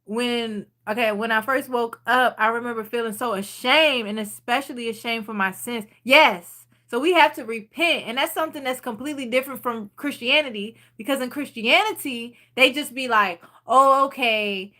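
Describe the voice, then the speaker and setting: A woman with a high, bright voice talks casually to her viewers about faith. She rambles freely and stops to read out their comments. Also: moderate pace, hardly any pauses. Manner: chatty and rambling, reading viewer comments aloud. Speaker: channel host leading a Bible study.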